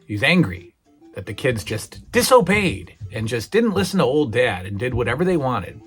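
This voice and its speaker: A man's voice: mid-range voice, very animated, moderate pace, breathy edge, soft background music. A middle-aged man hosting his own channel, rambling earnestly in a nostalgic, casual chat. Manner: rambling, earnest, many fillers. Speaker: channel host.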